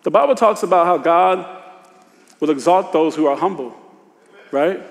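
A man preaching a sermon in loose, casual speech, dropping to a hush and rising to shouts. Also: fairly high pitch, moderate pace. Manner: swings from hushed confession to shouted exhortation; informal Southern-tinged preacher speech, "y'all" and "ain't". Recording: long hall reverb.

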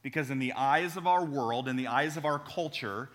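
A man's voice: mid-range voice, normal speed, a bit bright. A young adult man preaching a sermon in a church, talking conversationally and telling funny stories, calling out to the audience. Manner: conversational, humorous storytelling with audience call-outs. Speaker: pastor. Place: church sanctuary.

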